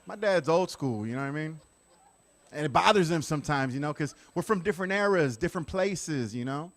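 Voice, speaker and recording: A man doing a stand-up set, conversational with deadpan punchlines. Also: fairly high pitch, a little fast, no room sound. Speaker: stand-up comedian.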